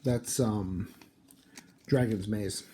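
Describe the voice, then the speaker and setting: Speaking very slowly in a lowish voice, a sleepy card-opening host yawns and murmurs card names offhandedly as he cracks booster packs. Background noise can be heard.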